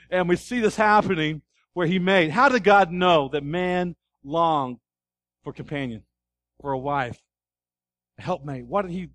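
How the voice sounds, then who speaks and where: A man preaching a sermon as pastor, animated, asking the congregation questions and acting out scenes. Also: fairly high pitch, no room sound. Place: church.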